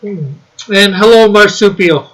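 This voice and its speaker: A man with a high, bright voice hosts a loose livestream chat. He reads viewer messages aloud and keeps breaking into giggles. His delivery is easygoing and chatty. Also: unhurried, poor audio. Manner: giggly, laughs often between lines. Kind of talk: casual chat.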